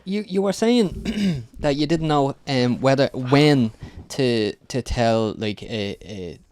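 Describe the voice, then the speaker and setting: A man's voice: medium pitch, lively intonation, slow pace, darkish tone, slight background noise. An Irish man co-hosting a podcast, asking questions in casual chat with a hesitant manner full of fillers. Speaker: podcast co-host.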